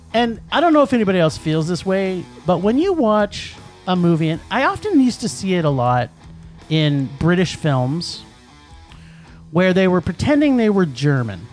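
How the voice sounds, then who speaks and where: A man co-hosting a podcast, ranting about movies in an animated way and laughing often. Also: high voice, measured pace, faint music behind. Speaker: podcast co-host. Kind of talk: casual podcast movie rant.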